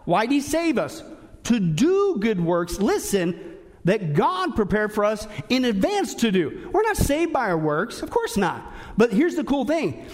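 A male pastor preaching a sermon in an emphatic, animated way, with frequent asides to his listeners. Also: high-pitched, a little slow.

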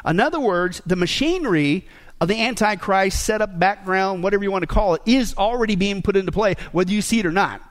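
A male preacher delivers a sermon with a noticeably high voice. He is emphatic, pauses to quiz the congregation with quick questions, and breaks in with wry jokes. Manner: emphatic, rhetorical questions to the congregation, joking asides. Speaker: pastor.

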